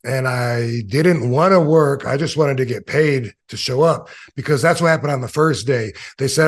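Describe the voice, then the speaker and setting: A man's voice: mid-range voice, moderate pace, hardly any pauses. A man in his fifties, an interview guest and former wrestler, telling long casual stories with many fillers and acting out the voices of people he quotes. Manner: rambling anecdotes with many fillers.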